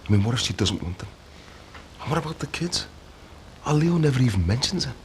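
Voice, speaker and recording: A man's voice: medium pitch, very animated, a little fast, a little hiss or hum, lightly acted. An actor playing a worried single father who is talking his problems through. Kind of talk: TV soap acting.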